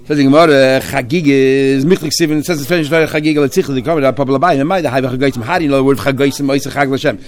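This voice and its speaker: Fast-talking man debating a Talmud passage. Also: mid-range voice, steady tone. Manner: argumentative, questioning, mixes Hebrew and Yiddish terms. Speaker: Torah study teacher. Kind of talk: Talmud study discussion.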